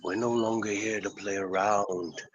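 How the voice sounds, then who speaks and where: A man giving an in-character wrestling promo on a video call. He talks in an intense, boastful way, swears, and builds to shouts. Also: lowish voice, steady tone, moderate pace, dull audio, a little hiss or hum. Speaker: pro wrestler guest.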